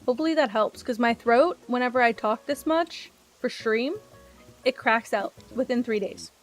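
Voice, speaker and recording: Woman, streamer, chatty, rambling, casual gaming chat, higher-pitched, soft music behind. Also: normal speed. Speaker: live streamer.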